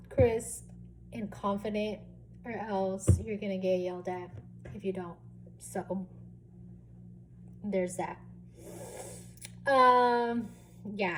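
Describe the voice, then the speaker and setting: Young woman vlogger, casual storytelling, slow unhurried delivery, chatty with plenty of fillers, faint room noise behind. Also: mid-range voice. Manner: chatty, animated, many fillers.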